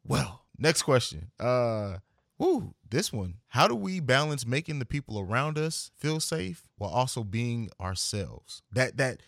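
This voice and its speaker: A man's voice: medium pitch, sing-song, measured pace, creaky, a bit bright, dry recording, studio quality. A man hosting a podcast, talking in an earnest, reflective way and often repeating words as he thinks. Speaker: podcast host. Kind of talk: casual podcast conversation.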